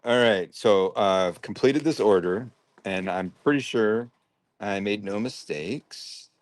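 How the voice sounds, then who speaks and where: On a livestream, a man chats casually and thinks aloud while sorting and packing toy brick orders. His voice is fairly low and unhurried, with no echo.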